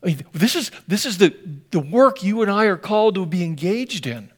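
An older pastor from the US Northwest preaches a sermon in a high-sitting voice with lively intonation, speaking at normal speed. He tells stories full of folksy asides and drives his points home with emphatic repetition.

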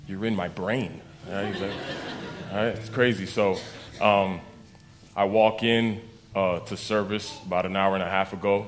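A young man preaching casually to a congregation, telling stories with laughter and lively quoted voices. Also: on the low side, slight background noise. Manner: casual, animated storytelling with laughs. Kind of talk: sermon with testimony.

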